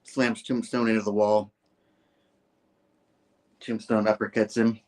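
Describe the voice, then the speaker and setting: A man hosting a comic book review, retelling the story with animated, acted-out storytelling. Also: on the low side, unhurried. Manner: animated storytelling, acts out scenes, laughs often. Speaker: host.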